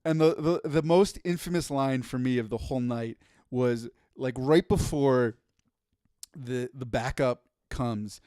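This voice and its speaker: On a podcast, a male co-host with a mid-range voice tells a story in an unhurried, casual chat, animated and laughing with lots of stammering restarts. The audio is studio quality with no room sound.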